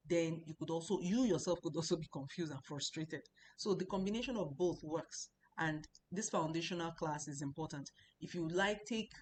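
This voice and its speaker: A woman leads a relaxed online language lesson, explaining step by step and repeating each sound. Her voice sits on the low side. A faint hiss runs under the recording. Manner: explanatory, repeats words for practice, chatty asides. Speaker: Chinese language teacher.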